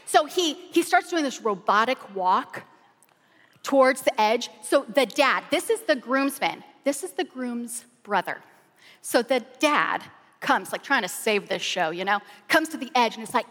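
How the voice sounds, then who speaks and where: A woman pastor preaching with an animated, excited, chatty way of telling funny stories from the pulpit. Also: high-pitched, measured pace. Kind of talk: humorous sermon storytelling. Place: large church auditorium. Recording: long reverb of a large hall.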